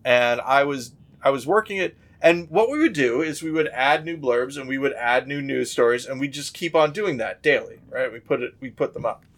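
A man's voice: mid-range voice, moderate pace, few pauses, a bit bright. A man co-hosting a casual podcast chat, telling work anecdotes animatedly and acting out the quotes in a loose, restarting way. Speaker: podcast co-host.

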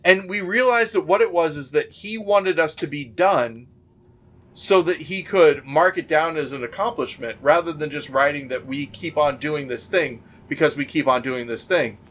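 A man's voice: fairly high pitch, moderate pace, fairly bright tone. A man co-hosting a casual podcast chat, telling work anecdotes animatedly and acting out the quotes in a loose, restarting way. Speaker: podcast co-host.

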